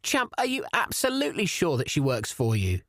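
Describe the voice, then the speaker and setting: Animated straight-man podcast host. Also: on the high side, brisk, no room sound, clean studio sound. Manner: patient straight man, flustered when pressed. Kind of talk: scripted comedy podcast dialogue.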